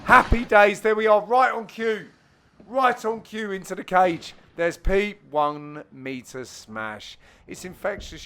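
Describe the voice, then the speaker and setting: A man with a Cockney accent giving cheeky, banter-filled commentary over amateur match footage, with sudden loud exclamations. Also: sits high, expressive, unhurried. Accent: London Cockney.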